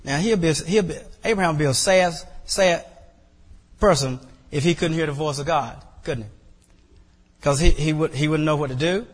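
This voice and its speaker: Man, pastor, high voice, emphatic preaching, repeated phrases, long hall reverb. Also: normal speed. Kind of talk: sermon.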